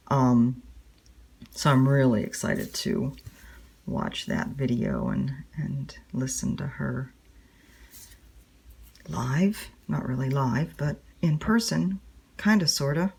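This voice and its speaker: A woman's voice: rumbling low, creaky, a little mellow, breathy edge. A woman rambling casually to her viewers while she stitches, chatty and full of fillers. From United States. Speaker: cross-stitch vlogger. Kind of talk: casual stitch-along chat.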